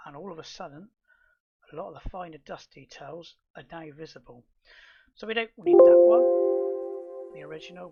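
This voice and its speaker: A middle-aged man calmly explaining software steps in a tutorial, with fillers and restarts. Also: fairly high pitch, breathy edge, lo-fi sound. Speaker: astrophotography tutor. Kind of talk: screen-recorded software tutorial.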